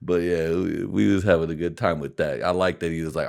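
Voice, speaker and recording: A man's voice: deep voice, steady tone, quick pace, gravelly, darkish tone. A man from California hosting a podcast, talking in a rambling, profane comic monologue and often laughing at his own jokes. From California, USA. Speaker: podcast host.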